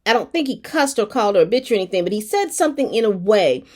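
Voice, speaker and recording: A talkative woman walks her viewers through a TV episode in a loose, chatty recap, full of terms of endearment and filler words. Her voice sits at an ordinary middle pitch for a woman, and she talks quickly. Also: lively intonation, darkish tone. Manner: rapid talk. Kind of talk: casual recap chat to viewers.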